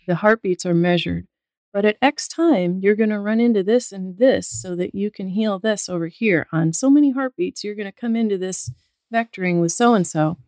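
A woman speaking as a guest medical intuitive in a casual podcast conversation, calm and explanatory, with a spiritual bent. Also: lowish voice, no echo, clean studio sound.

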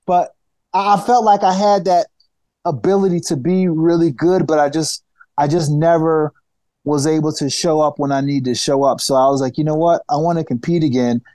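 A man telling stories in a casual interview, animated and full of restarts, acting out the people he quotes. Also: on the high side, moderate pace, no room sound. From United States. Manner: animated storyteller, acts out quoted voices, restarts often. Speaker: podcast guest, former fighter.

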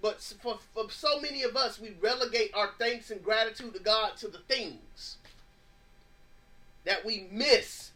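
A man's voice: high voice, measured pace, pushed and bright. A married man, the show's host, giving a fervent, preacherly testimony with rising and falling emphasis. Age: adult, married. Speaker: podcast host.

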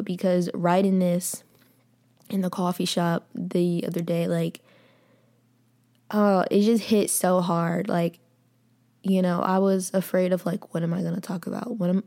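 Earnest young woman encouraging listeners. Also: on the low side. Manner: casual, many fillers, repeats for emphasis. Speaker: podcast host. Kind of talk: faith podcast monologue.

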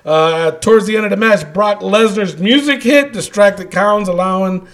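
A man co-hosting a wrestling podcast in casual chat, animated and laughing often as he rants. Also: sits high, moderate pace. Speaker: podcast co-host.

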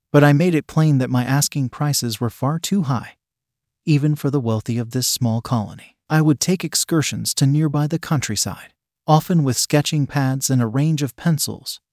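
A man reading a first-person story aloud in a measured, even storytelling manner. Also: medium pitch, no room sound, studio quality. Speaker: audiobook reader.

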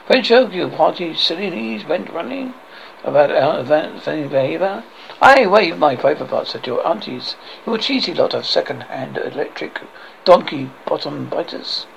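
A haughty French castle guard hurls absurd insults from the walls, read by a man in his own voice. The voice is high and gravelly, and its pitch leaps about. The insults come out read rather than acted. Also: expressive, moderate pace, dull audio, a little hiss or hum. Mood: taunting.

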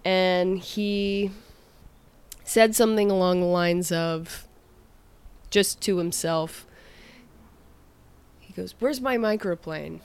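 Young woman chef, podcast guest; low, clean voice; frank, wry storyteller who swears freely. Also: level tone, extremely slow, long pauses, a little mellow, smooth. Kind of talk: casual interview storytelling.

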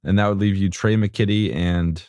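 A man with a somewhat low voice co-hosts a sports podcast. He chats in a relaxed, easy way. The sound is dry and close-miked. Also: normal speed, dry recording. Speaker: podcast co-host. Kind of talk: casual sports podcast chat.

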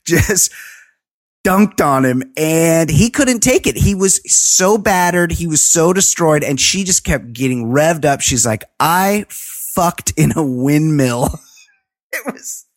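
A man co-hosting a podcast, casually recapping a dating show with lots of swearing and animated retelling. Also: a little high, unhurried, dry recording, clean studio sound. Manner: profane, animated retelling with laughs. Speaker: podcast co-host.

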